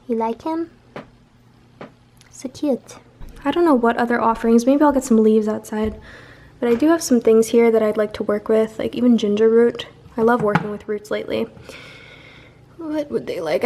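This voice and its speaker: A woman's voice: on the high side, creaky, darkish tone, a little hiss or hum. A young woman vlogging casually at home, chatty and playful as she shows things to the camera. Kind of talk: casual vlog chat. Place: home, indoors.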